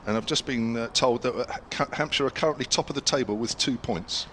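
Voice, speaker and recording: A man's voice: medium pitch, brisk, a bit bright, a little hiss or hum. A man commentating live on a cricket match from the ground, chatty and full of asides to his co-commentator.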